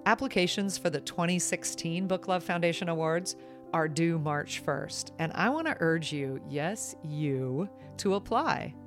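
A woman's voice: on the low side, expressive, unhurried. A woman hosting an education podcast, speaking in an earnest, reflective way. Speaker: podcast host. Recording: music bed under voice.

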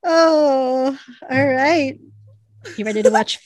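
A woman co-hosting a podcast in loose, casual chat, her voice sitting a little high. She gets emotional and laughs easily as she reacts to listeners. The sound is dry and close. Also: slow, no room sound. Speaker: podcast co-host.

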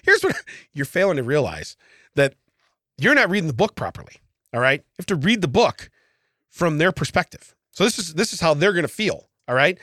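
A man co-hosting a casual podcast chat, telling a story in an animated way with frequent laughs, recorded in a podcast studio. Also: on the high side, brisk, no echo. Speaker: podcast co-host.

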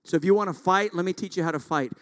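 A man's voice: sits high, fast, no room sound. A man, a pastor, preaching a sermon in an intense, emphatic way with self-deprecating asides. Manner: intense, builds to loud emphatic peaks.

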